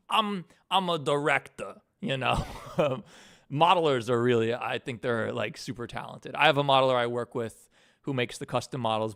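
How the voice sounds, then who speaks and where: Chill guy talking over his animation on stream, swears a lot, laughs, middle-pitched voice. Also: vocal fry, fairly bright tone, clean tone, no room sound, studio quality. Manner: laid-back, swears casually, laughs often. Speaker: animator and channel host. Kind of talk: casual stream chat.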